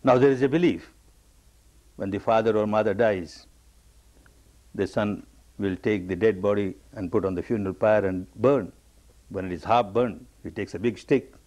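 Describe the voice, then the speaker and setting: A man's voice: on the low side, darkish tone. A man, a meditation teacher giving a spiritual discourse. He stresses and repeats key phrases and tells a story with acted quotes.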